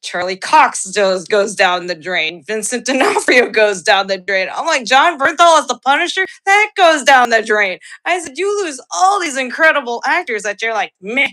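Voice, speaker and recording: Woman, podcast host, higher voice, bright tone, excitable, laughs a lot, restarts sentences. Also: moderate pace, hardly any pauses. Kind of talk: casual chat.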